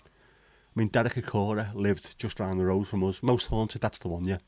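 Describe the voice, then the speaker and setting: A man's voice: on the low side, steady tone, normal speed, dark tone, no echo. A man chatting casually on a livestream, blunt, sweary and cynical. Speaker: livestream host. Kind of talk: casual chat.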